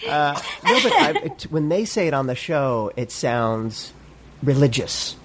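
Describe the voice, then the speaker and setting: A man talking casually in a halting, hesitant way with many restarts. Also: mid-range voice, huge pitch swings, heavy background noise. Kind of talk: casual chat.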